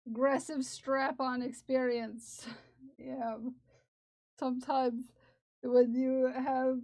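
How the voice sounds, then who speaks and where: Taking it slowly, a woman with a high, slightly mellow voice and flat delivery streams live, chatting with viewers over a crafting project. She laughs and mutters to herself on slightly dull lo-fi audio.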